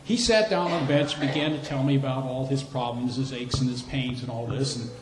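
A man's voice: mid-range voice, a little fast, reverberant, rough recording. A man preaching a sermon as a missionary, telling stories with animation and repeating phrases for emphasis. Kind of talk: sermon with storytelling.

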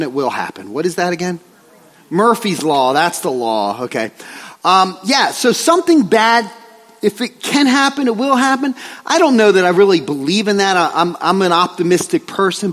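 A male pastor preaching a sermon in a joking, animated way, often asking the congregation questions. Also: high voice. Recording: long hall reverb.

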